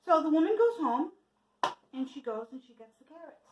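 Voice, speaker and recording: A woman's voice: high voice, moderate pace, background noise. A woman telling a folk tale casually to a church audience, asking listeners questions while she cooks along. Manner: lively, asks the listeners questions. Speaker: storyteller for a church children's message. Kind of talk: casual storytelling with a cooking demo. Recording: echoey room from a distance.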